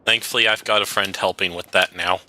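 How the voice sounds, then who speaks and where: A man talking through a live game stream, his voice very bright and cutting, pitched a little low. He chats casually, answers viewer questions and reacts to what happens in the game. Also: steady tone, a little fast. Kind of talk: live gaming stream chat.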